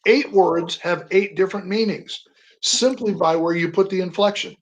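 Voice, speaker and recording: An older man, a guest on a radio interview, telling personal stories with animated emphasis on single words. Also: high-pitched, moderate pace, rough recording. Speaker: guest, veteran.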